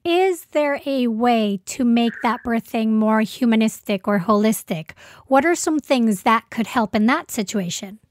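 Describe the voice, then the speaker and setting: Higher-voiced woman podcast host. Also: animated, unhurried, dry recording. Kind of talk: interview questions.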